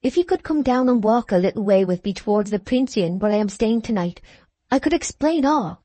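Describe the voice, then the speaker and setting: A woman's voice: on the high side, animated, a little fast, warm tone, dry recording. Woman voicing a humble pleading barmaid. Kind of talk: audiobook character reading.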